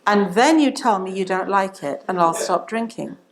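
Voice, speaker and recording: A woman's voice: medium pitch, normal speed, crowd noise, natural voice, low-quality recording. A woman voicing a stubborn drunk Irishman who pleads and argues in a told joke. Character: drunk Irish man, always at the pub.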